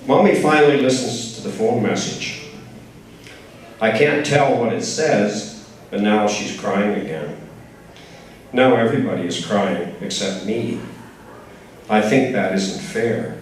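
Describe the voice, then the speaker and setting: A man's voice: lowish voice, measured pace, pauses often. Man reading a story in an echoey hall. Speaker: author reading his own story. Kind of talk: reading a short story aloud. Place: writers' group reading, large echoey room. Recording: very echoey room, from far off, faint noise.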